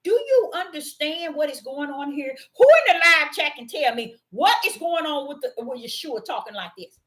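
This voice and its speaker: A woman in delivers a livestream sermon, her voice high and lively, jumping through a wide range. She reads scripture slowly, then erupts into sudden exclamations. The tone stays bright and sharp throughout. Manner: preaching with sudden bursts, exclaims and drawn-out scripture reading. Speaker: preacher teaching scripture on a livestream.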